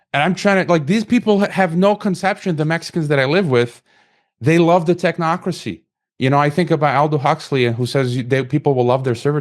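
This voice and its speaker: Impassioned rambling male podcast host. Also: medium pitch. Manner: impassioned, rambling with many restarts. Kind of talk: conversational interview question.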